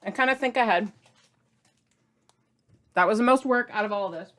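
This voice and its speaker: A woman's voice: medium pitch, moderate pace, pauses often, a bit bright. Bubbly middle-aged woman cooking host. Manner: bubbly, gushing, chatty; talks while eating. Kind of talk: casual cooking demo chat.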